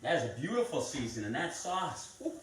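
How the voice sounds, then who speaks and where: A man's voice: on the high side, big pitch swings, brisk, noisy background. A man hosting a live cooking stream, chatting viewers through each step of a recipe in a casual way. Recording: echoey kitchen, mic at a distance.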